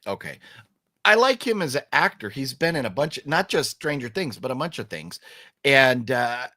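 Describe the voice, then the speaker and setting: Man, movie podcast host, opinionated, animated intonation, dry close sound. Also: medium pitch, normal speed, no room sound. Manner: opinionated, emphatic, rambling with restarts. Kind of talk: casual movie chat.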